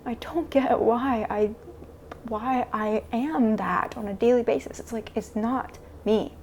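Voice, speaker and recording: A woman vlogging a confessional self-talk monologue to camera, halting and searching for words with many restarts. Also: on the high side, a little mellow, a little hiss or hum. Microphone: camera mic.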